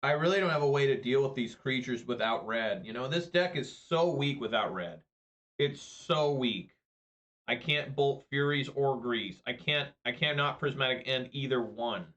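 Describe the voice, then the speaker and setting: Man, card game commentator, bright voice, swearing, exasperated. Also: medium pitch, normal speed. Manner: profane, exasperated ranting. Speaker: online card game player. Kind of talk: live gameplay commentary.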